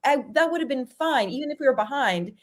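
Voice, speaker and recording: Lady with a high voice on a podcast, rambly, keeps restarting her sentences. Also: expressive, fast. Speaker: podcast guest, game show contestant. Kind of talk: casual chat.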